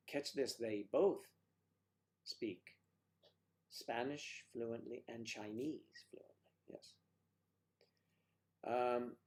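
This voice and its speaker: A man's voice: medium pitch, a little mellow. An older man co-hosting a casual livestream chat, playful and teasing, joking about mangling Spanish. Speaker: livestream co-host.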